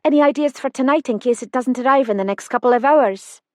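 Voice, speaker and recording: A woman voicing a brisk, polite young female hotel receptionist with a Scottish accent touched with Irish, in an audiobook. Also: high voice, no echo, studio quality, voice pushed up, close to an everyday voice. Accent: Scottish with a trace of Irish.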